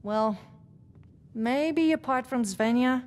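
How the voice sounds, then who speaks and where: A woman's voice: high voice, takes it slowly, darkish tone. A woman voicing a proud, glory-seeking female archer in a game, with a Scandinavian-sounding Nord accent and a practical, matter-of-fact manner. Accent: Nord-style Scandinavian-sounding. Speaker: game character.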